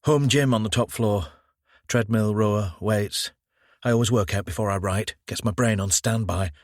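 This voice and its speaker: A man's voice: lowish voice, normal speed, dry recording, clean studio sound, lightly acted. A man voicing a breezy, brash woman in her forties.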